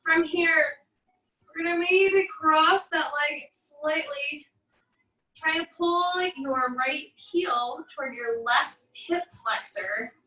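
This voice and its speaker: Woman instructor, high bright voice, calm stretch cues with dry humor, echoey room, voice from off-mic. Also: slow, recorded from a distance. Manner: calm, encouraging cues with wry asides. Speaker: fitness instructor. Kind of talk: guided barre cool-down instruction.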